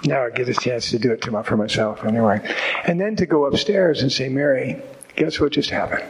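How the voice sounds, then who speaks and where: A man's voice: mid-range voice, fairly even intonation, brisk, a little hiss or hum, rough recording. A man speaking to a group at a recovery meeting, giving a candid, reflective personal testimony with wry humor.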